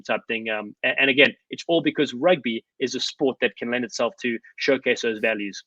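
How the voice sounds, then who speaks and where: Brief: South African man, podcast guest, quick eager storyteller, bright tone, dry slightly muffled audio. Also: mid-range voice, fairly even intonation, no echo. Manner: eager, rapid storytelling with many fillers. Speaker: podcast guest, rugby commentator. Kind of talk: conversational interview.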